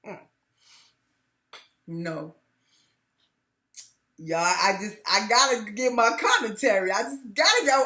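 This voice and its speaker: A woman's voice: medium pitch, unhurried, long pauses, pushed and bright. A middle-aged woman hosting her own commentary channel, talking to viewers in an emphatic way that repeats phrases and breaks into laughs between points.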